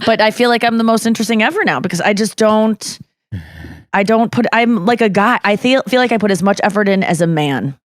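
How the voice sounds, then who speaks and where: A woman in her thirties hosting a podcast, chatting casually and candidly with animated storytelling. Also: medium pitch, fairly quick, dry recording, studio quality. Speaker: podcast host. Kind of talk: casual chat.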